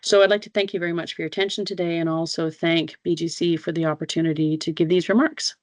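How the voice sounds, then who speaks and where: A speaker giving a technical keynote talk over a video call, halting with many fillers and restarts. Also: medium pitch, steady tone, no room sound, clean studio sound.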